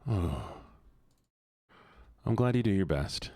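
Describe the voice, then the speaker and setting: A man's voice: low-pitched, lively intonation, slow, a little mellow, no room sound. A young man streaming a game, chatting casually with his chat, laughing and swearing often. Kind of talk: casual live-stream chat while gaming.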